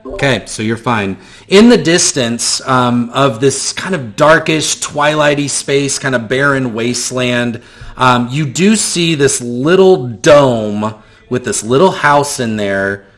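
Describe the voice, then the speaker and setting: A man narrating a tabletop game as game master, often pausing with ums. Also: medium pitch, a bit bright. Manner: hesitant, many ums.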